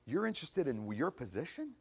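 Lively man preaching a conversational sermon. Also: on the high side, brisk, vocal fry, husky. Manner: animated, rhetorical questions, answers himself. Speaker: pastor.

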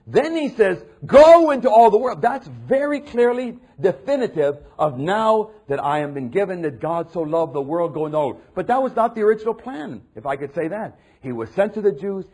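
A man preaching a sermon, animated, acting out the voices of the people in the passages he reads. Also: sits high, moderate pace, few pauses, husky. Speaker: pastor.

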